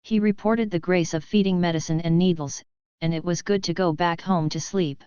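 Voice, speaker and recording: A woman narrating an audiobook novel in a steady, unhurried reading voice. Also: lowish voice, smooth, dry recording, lo-fi sound.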